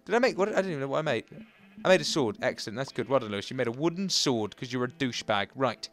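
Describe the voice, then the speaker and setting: A young man giving excitable, chatty, self-mocking commentary while playing a video game. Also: mid-range voice, very fast, soft background music. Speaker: gaming channel host. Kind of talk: Let's Play commentary.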